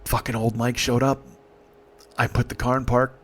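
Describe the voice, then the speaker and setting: A man's voice: mid-range voice, level tone, normal speed, fairly bright tone. A man in his forties telling a true story in a comedic podcast monologue, profane, intense and confessional. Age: 40s.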